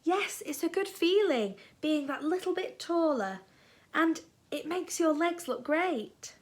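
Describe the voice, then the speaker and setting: A woman's voice: extremely high pitch, lively intonation, slow pace, voice pushed up, exaggerated voice. A woman voicing a bold, playful teenage girl in a storybook reading, eager and coaxing.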